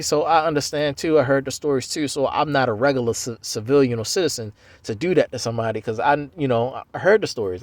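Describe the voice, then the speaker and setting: A man in his forties tells his own story in a loose, wandering way, circling back with "you know" and half-finished starts. His voice sits at an ordinary middle pitch, recorded close and dry with no room around it. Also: no echo. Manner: loose, conversational, full of "you know" and restarts. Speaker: Navy veteran telling his life story. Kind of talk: rambling personal storytelling.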